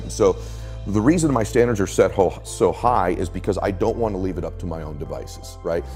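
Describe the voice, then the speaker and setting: A middle-aged man with a very deep voice tells motivational stories with emphatic force. He acts out the people he quotes as he goes. Faint music sits behind him. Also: dark tone. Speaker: interview guest, coach. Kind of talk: motivational interview talk.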